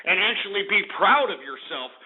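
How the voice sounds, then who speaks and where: A man hosting a call-in radio show, ranting and berating his callers. His voice sits high and he swings from shouting to muttering. The sound is thin and phone-like, like cheap internet radio. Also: sing-song, a little fast. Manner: loud, insulting, ranting. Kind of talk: abrasive call-in radio talk.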